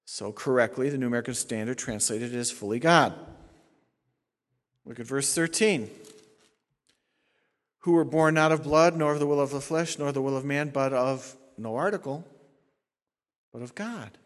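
A man's voice: medium pitch, moderate pace, pauses often. A male pastor teaching a sermon, explaining Greek grammar point by point with emphatic stresses. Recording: long hall reverb.

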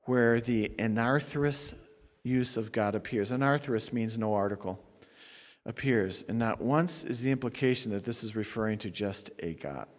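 A man's voice: mid-range voice, normal speed. A male pastor teaching a sermon, explaining Greek grammar point by point with emphatic stresses. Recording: long hall reverb.

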